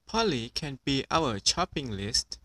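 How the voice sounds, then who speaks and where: A man's voice: medium pitch, big pitch swings, a little slow, fairly bright tone. A man reading a storybook aloud and voicing a kindly, doting grandmother pig.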